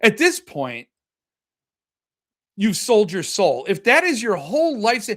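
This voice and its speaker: A man's voice: high voice, wildly swooping pitch, slow pace, fairly bright tone. A man hosting his own show, ranting with sarcasm and profanity in a casual commentary. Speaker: podcast host.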